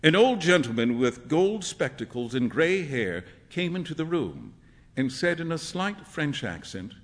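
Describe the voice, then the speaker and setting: A man narrating a classic story aloud with an expressive, lively delivery. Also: fairly high pitch, measured pace, in a large hall. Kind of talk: storybook reading.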